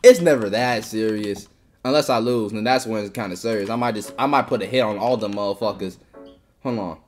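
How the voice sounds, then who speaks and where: A woman giving profane, excitable live commentary while playing a game, swinging from low mutters to sudden outbursts. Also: fairly quick, soft background music. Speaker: gaming channel host.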